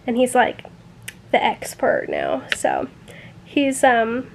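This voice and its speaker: High-pitched woman vlogging about a book, chatty, says like a ton, gets worked up and swears. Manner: openly emotional, swears when upset. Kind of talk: casual reading-reaction vlog.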